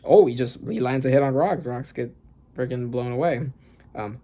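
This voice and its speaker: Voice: mid-range voice, moderate pace. A young adult reacting to a new manga chapter in casual commentary, reading panels aloud with gasps, laughs and a lot of fillers. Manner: excitable, gasping and laughing, lots of fillers.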